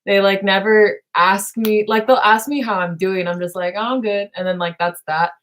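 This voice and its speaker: A woman's voice: medium pitch, flat delivery, moderate pace, a bit bright. A young woman hosting a casual late-night stream, rambling with many fillers and laughing often as she talks. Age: young adult. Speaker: live stream host chatting with her sister.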